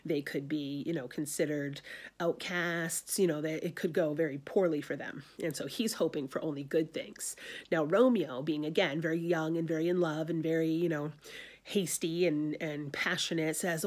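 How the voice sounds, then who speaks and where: A woman's voice: deep voice, fairly even intonation, normal speed. A woman teacher explaining the scenes of a play in a conversational lesson, full of "you know" fillers.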